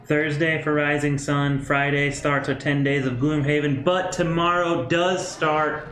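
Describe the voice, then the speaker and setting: A man's voice: fairly high pitch, steady tone, unhurried, fairly bright tone. A man co-hosting a live board game stream, chatting casually and reading rules aloud with a playful, grumbling manner. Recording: roomy echo with music behind. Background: music.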